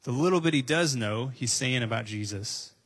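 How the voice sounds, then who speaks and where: A man's voice: medium pitch, normal speed, a bit bright. A man preaching a conversational sermon, reading scripture and asking his listeners questions. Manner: conversational, asks listeners questions, repeats phrases for emphasis. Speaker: pastor.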